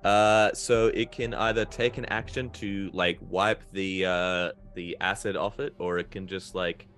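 A man as a player in a tabletop game, explaining slowly with many pauses. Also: deep voice, steady tone, a bit bright. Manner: halting, slow explaining. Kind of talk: casual tabletop play.

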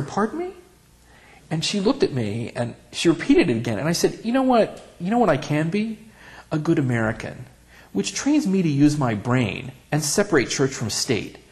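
A middle-aged man in an oral history interview, telling candid stories with a wry, animated manner and acting out the quotes. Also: medium pitch. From Central Pennsylvania. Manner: wry, animated, acts out quotes when storytelling. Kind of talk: candid conversational storytelling.

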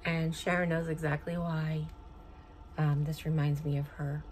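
A woman's voice: low voice, level tone, unhurried, a little mellow, a little hiss or hum, rough recording. Chatty middle-aged woman opening fan mail. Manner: chatty, sentimental, reads cards aloud. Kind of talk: casual unboxing chat. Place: home, indoors.

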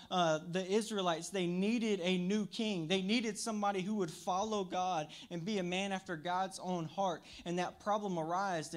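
Speaking to the people in the sanctuary and to those watching online, a pastor preaches in an upbeat, chatty way. His voice sits high and carries a slight country twang.

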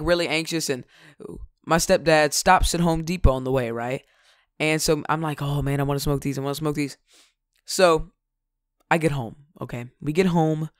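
A man's voice: fairly high pitch, smooth, no echo, studio quality. Young man rambling through a story. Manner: rambling, laughing at his own jokes. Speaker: vlogger. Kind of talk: casual storytelling.

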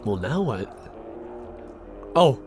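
A man's voice: mid-range voice, very animated, drawn-out words, a little hiss or hum. A man streaming a horror game, reacting with jumpy outbursts and constant swearing. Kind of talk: horror game let's play commentary.

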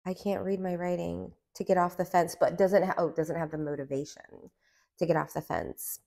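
A woman giving a casual tarot reading to her viewers, with a low voice and a gravelly, fried edge. She rambles in loose asides, studded with "like," in a breezy valley-girl lilt. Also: steady tone, moderate pace, dark tone. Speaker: tarot reader.

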